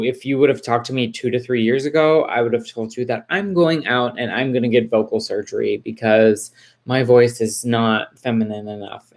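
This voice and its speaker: Her voice extremely low, a woman from Texas in her forties hosts a casual livestream and addresses her audience directly. She reads viewer comments aloud, offers warm reassurance, and speaks in a loose, rambling way with many fillers and restarts.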